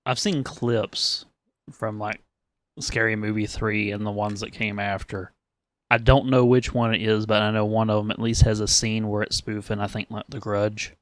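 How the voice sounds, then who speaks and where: A man's voice: fairly low pitch, level tone, normal speed, dry recording. A man co-hosting a podcast, chatting casually with a sarcastic, mocking edge. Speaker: podcast co-host. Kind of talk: casual chat.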